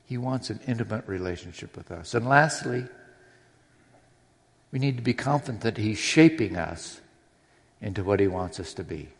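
A man's voice: fairly low pitch, expressive, normal speed, creaky, long pauses. A man preaching a sermon in a church, earnest and personal, with readings from scripture. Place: church sanctuary. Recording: long hall reverb.

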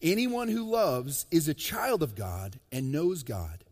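A man preaching a sermon as pastor, animated and joking, swinging between emphatic loud lines and soft low ones. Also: slow pace. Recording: long reverb of a large hall.

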